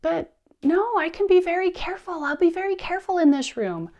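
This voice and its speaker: Lady putting on a squeaky stubborn little kid, whiny and pleading, way up high. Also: animated, fairly quick, a little mellow. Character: stubborn whining little boy.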